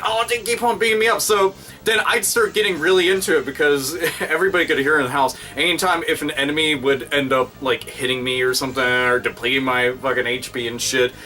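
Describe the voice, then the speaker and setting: A man's voice: a little high, steady tone, brisk. Profane, rambling man vlogging. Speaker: YouTube vlogger. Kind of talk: casual vlog monologue. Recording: bright voice, somewhat distant mic, faint music.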